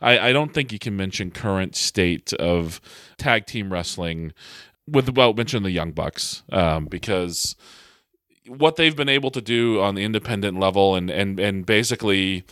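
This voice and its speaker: A man speaking as a podcast guest in casual chat, joking and halting with many fillers. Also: low voice, fairly bright tone, no room sound, clean studio sound.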